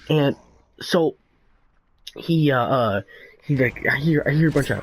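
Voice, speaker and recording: A man's voice: mid-range voice, animated, a little slow, pauses often, poor audio. A teenage boy doing casual gameplay commentary, rambling through a story with lots of fillers, restarts and crude slang. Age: teens. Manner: crude slang, laughs often. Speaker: gaming YouTuber.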